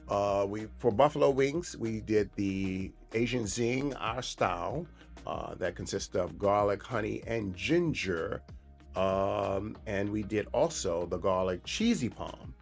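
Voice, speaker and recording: A low-voiced man talks through a home cooking demonstration in a relaxed, chatty way, circling back on his words as he goes. Faint music plays underneath. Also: slow, gravelly. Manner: relaxed, chatty, repeats and restarts phrases. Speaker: cooking show host.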